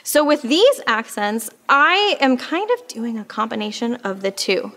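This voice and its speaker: Woman oboe teacher, kinda high voice, talks it through patiently, lots of um. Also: sing-song, unhurried. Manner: patient, explanatory, with frequent fillers. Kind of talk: instructional music lesson.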